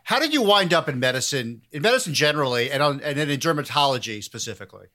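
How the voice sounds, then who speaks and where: Bright-voiced man, dry comic host. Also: a little high, animated, fast. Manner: dry, mock-grandiose, speaks as if he made humanity. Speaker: podcast host. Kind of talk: comedic interview.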